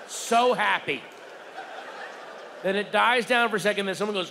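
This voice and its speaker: A man doing stand-up storytelling on stage, animated, shouting out the crowd's yells. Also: high-pitched, brisk, vocal fry, long pauses. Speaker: stand-up comedian. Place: comedy stage before a live audience. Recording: reverberant live venue with crowd noise.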